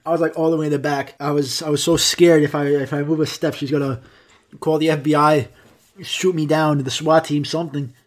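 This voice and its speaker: A young American man talks straight to his viewers in a loose, rambling monologue. He swears freely and jokes at his own expense. His voice sits a little higher than most men's. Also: little pitch movement, a little fast. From United States. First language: Greek. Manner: rambling, profane, self-mocking. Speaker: vlogger. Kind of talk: casual storytelling monologue.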